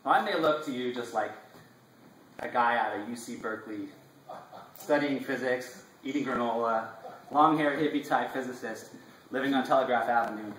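A man giving an impassioned, inspirational live talk, emphatic with drawn-out phrasing, recorded from a distance in a live salon room. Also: medium pitch, fairly bright tone, echoey room, slight background noise. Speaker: speaker presenting his class.

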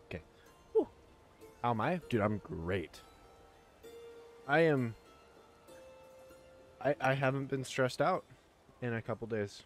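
Young man, live gaming stream, lively swooping pitch, excitable, swears a lot, faint music behind. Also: takes it slowly, pauses often. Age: young adult. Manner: excitable, swears freely, addresses chat. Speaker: gaming livestreamer. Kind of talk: casual live-stream chat.

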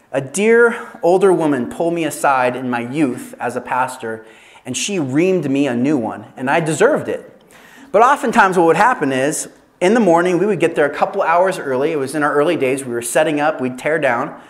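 A man preaching a sermon as a pastor, telling animated stories with laughter and self-deprecating asides. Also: fairly high pitch, normal speed. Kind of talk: sermon at an evangelism training.

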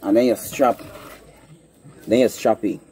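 A man's voice: mid-range voice, fairly even intonation, measured pace, warm tone. A man with a Guyanese accent, filming himself on a phone outdoors and explaining a trap step by step, often checking that viewers understand. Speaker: hunting vlogger. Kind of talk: casual outdoor demonstration. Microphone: phone camera.

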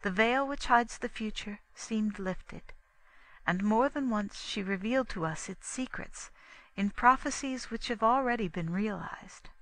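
A woman narrating an audiobook in a measured, even reading. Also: medium pitch, dry recording, rough recording. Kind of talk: scripted narration.

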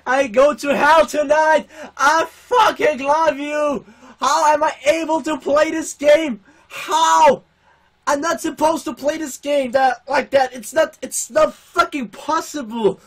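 A young man livestreaming a game, shouting and swearing, overwhelmed and emotional, his voice strained from yelling. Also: very high voice, fairly even intonation, takes it slowly. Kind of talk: excited live game-stream commentary. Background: loud game music.

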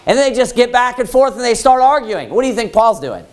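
A man's voice: very high voice, very animated, a little fast. A man preaching a Baptist sermon in a church, telling the story vividly and asking the congregation rhetorical questions.

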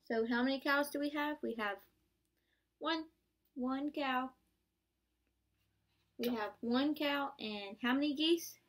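A woman's voice: sits high, takes it slowly, pauses often. A young woman, a student teacher, reading a picture book aloud to small children, asking them to join in, count and make animal sounds, with playful gasps of surprise. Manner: interactive and encouraging, asks children to join in.

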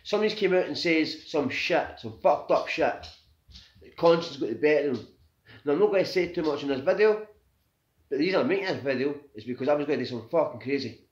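A man's voice: fairly high pitch, animated, fast talker. A Scottish man in his thirties telling a painful personal story, raw and grieving, swearing often and tagging "right?" onto nearly every sentence. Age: 30s. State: grieving and agitated. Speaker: vlogger. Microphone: phone. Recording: echoey room, dull lo-fi phone audio.

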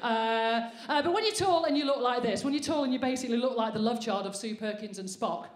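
Loud sweary lady in her 40s doing standup, high voice, echoey live room. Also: fast talker, a crowd in the background. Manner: brash, sweary, self-mocking. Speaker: stand-up comedian. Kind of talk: stand-up comedy set. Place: comedy club stage with a laughing audience. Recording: roomy live venue sound.

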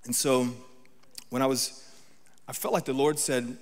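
A man's voice: mid-range voice, fairly even intonation, measured pace, pauses often, big-room sound. A man giving a sermon as guest preacher, talking conversationally and often checking in with the congregation. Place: church sanctuary.

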